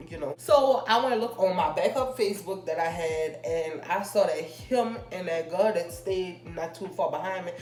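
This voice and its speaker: A young woman with a lowish, slightly mellow voice shares a personal story on her vlog. She chats casually and rambles, drawing out her fillers; the room echoes and faint music can be heard.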